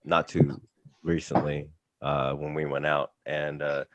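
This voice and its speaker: Deep-voiced man telling jokey stories. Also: unhurried, muffled recording. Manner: joking, animated storyteller. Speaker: guest, special effects makeup artist and haunt actor. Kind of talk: casual podcast chat.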